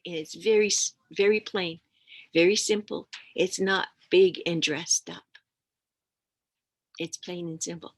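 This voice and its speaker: Slow gravelly older woman telling stories. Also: fairly low pitch. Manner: slow, gentle, plain-spoken, sprinkled with Ojibwe words. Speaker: elder teacher. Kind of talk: oral storytelling lesson.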